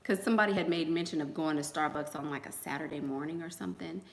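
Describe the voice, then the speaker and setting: A woman's voice: sits low, fast talker, creaky, roomy sound. A woman hosting a casual livestream, chatting with viewers and telling gossipy stories full of asides and fillers. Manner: chatty, gossipy storyteller who acts out quotes; frequent fillers and trailing asides. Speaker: host.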